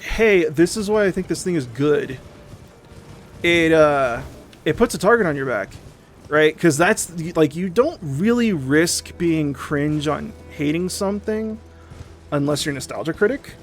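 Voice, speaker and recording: A young man chatting casually on a livestream, animated and profane, often mimicking other people in quick asides. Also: fairly high pitch, faint music behind. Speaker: streamer.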